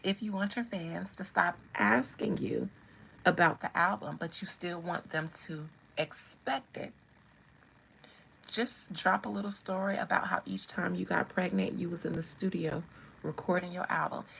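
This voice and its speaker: A woman hosting her channel, giving casual, animated celebrity commentary, laughing often and talking straight to her viewers. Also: fairly low pitch, normal speed, gravelly, slight background noise, poor audio. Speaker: channel host.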